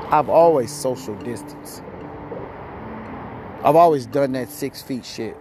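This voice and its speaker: A man's voice: mid-range voice, takes it slowly, pauses often, background noise. A man hosting a podcast, ranting heatedly with lots of profanity and a rambling flow, somewhat out of breath. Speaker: podcast host. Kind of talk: ranting monologue.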